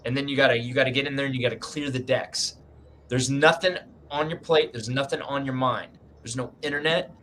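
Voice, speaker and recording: A man's voice: medium pitch, a bit bright, slight background noise. A man giving writing advice in a casual group video chat, emphatic and folksy, often tagging lines with "man", speaking from his home writing room.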